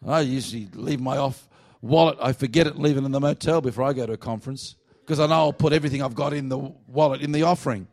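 A man with an Australian accent preaching a revival sermon to a congregation, jokey and exuberant, swinging from hushed asides to shouts. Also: medium pitch, fast, hardly any pauses. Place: church hall before a congregation.

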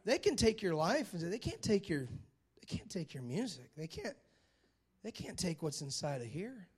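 A man preaching with a high, bright voice that swings between loud bursts and hushed asides. He tells a film story as a sermon, repeats phrases for emphasis and keeps checking that his listeners are with him. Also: normal speed, husky. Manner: animated, dramatic storyteller who asks the crowd for agreement.

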